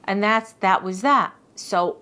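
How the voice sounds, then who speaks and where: Lively middle-aged woman telling stories. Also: mid-range voice, takes it slowly. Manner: lively, repeats words, acts out quotes. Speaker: judge and podcast guest. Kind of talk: casual storytelling in an interview.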